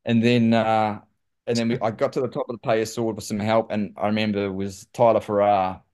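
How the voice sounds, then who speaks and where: A man with a New Zealand accent, a guest telling lively stories in casual conversation and saying "mate" often. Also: lowish voice, brisk. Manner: animated, says "mate" often. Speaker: guest, former pro cyclist. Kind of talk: casual storytelling.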